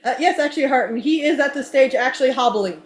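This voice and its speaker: A woman narrating a tabletop game as game master, chatty and quick to laugh. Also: high-pitched. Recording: echoey room.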